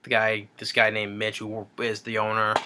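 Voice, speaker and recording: A man's voice: lowish voice, monotone, normal speed, noisy background. A man giving a rambling, sarcastic movie review rant, recapping the plot with frequent restarts.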